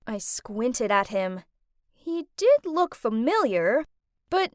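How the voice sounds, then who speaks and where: Young woman narrating a story, dramatic, high lively voice, dry close mic. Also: slow, no echo. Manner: expressive, dramatic first-person telling.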